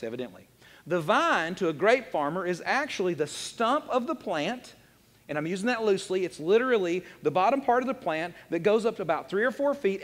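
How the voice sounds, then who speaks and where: A man preaching in a high, sharply swinging voice, joking and talking straight to his congregation. His voice carries the long reverb of a church sanctuary. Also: a bit bright. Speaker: pastor. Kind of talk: sermon.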